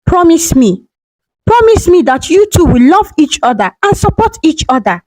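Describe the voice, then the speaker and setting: A woman voicing a dying old mother who speaks softly and forgives her children. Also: very high-pitched, big pitch swings, normal speed, pitched above the performer's own voice, rough recording. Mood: tender. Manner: soft, whispery.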